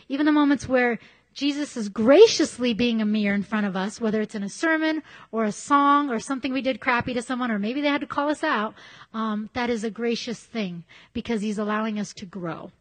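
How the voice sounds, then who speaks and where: With a fairly high voice and a fairly quick pace, a woman delivers a sermon in a frank, conversational style. She animatedly tells stories from her own life.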